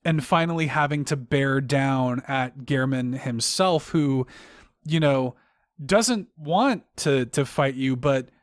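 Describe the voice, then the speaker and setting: A man co-hosting a podcast, talking in a halting, emotional way, with many restarts and fillers. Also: mid-range voice, no room sound. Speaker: podcast co-host. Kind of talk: casual podcast discussion.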